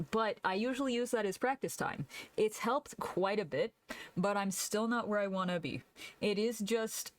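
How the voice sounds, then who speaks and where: A woman's voice: medium pitch, dry recording. Chatty young woman streaming while drawing. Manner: chatty, laughs often, answers chat aloud. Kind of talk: casual live-stream chat while drawing.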